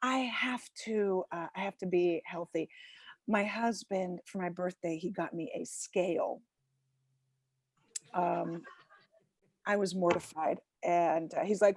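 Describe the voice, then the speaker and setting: A woman in her forties doing a stand-up comedy set over a video call from home, self-mocking and animated, acting out voices and shouting punchlines. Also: lowish voice, takes it slowly, long pauses, husky, no echo.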